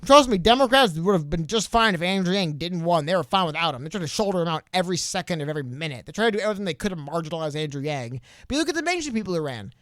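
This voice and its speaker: A man with a high, smooth, clear voice co-hosts a casual political podcast. He rambles in an animated way, trailing into asides and restarting his sentences. The sound is dry, with no room echo. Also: racing, hardly any pauses. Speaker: podcast co-host.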